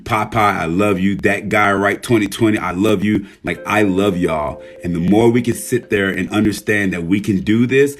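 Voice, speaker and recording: Hoarse man giving heartfelt shout-outs. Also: on the low side, normal speed, few pauses. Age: adult, a military veteran. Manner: warm shout-outs reading viewer names; earnest, heartfelt, with frequent swearing. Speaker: livestream host. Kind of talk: casual livestream talk.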